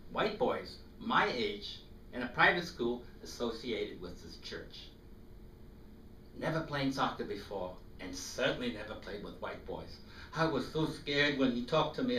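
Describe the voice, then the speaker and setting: A man in his fifties from South Africa, telling a personal story to an audience in an animated way and acting out the voices. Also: mid-range voice, a little slow. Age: 50s. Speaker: speaker. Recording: echoey room, distant mic, faint noise.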